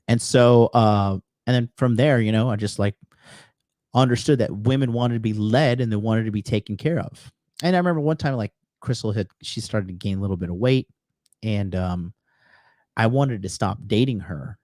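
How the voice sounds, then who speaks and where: A man's voice: fairly low pitch, fairly quick, warm tone, no echo. A man telling brash, profane, boastful stories in a casual podcast conversation. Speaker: podcast guest.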